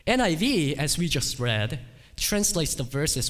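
A male pastor preaching a sermon in an emphatic, deliberate way, with dramatic dips and swells. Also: a little high, sing-song, a bit bright. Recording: long hall reverb.

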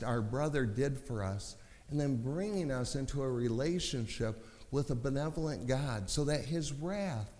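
A man preaching a sermon, passionate and building to shouts at times. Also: medium pitch. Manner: impassioned, rising to shouting. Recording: long hall reverb.

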